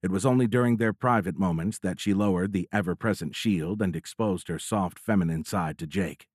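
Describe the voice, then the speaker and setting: A man narrating a military science fiction audiobook in a steady, measured storytelling voice. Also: low voice, slightly rough, no echo, clean studio sound.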